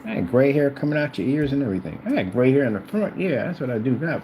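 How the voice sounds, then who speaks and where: Brief: middle-aged male vlogger, rambling rant, lively swooping pitch, mellow low tone. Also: fast, hardly any pauses, slight background noise, low-quality recording. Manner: rambling and repetitive, addressing a rival directly. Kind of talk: ranting monologue to camera.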